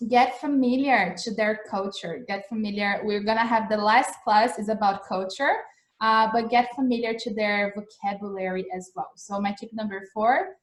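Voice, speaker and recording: Chatty woman teaching in an echoey room. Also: medium pitch. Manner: chatty, repeats phrases, frequent "like" and "right?". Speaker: English teacher. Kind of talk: casual live-streamed lesson. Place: home in Australia.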